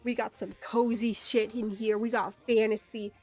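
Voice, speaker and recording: A woman's voice: a little high, level tone, darkish tone, soft background music. Giggly, chatty woman livestreamer. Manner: chatty, giggly, quick asides and playful exclamations. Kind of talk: casual rambling stream chat.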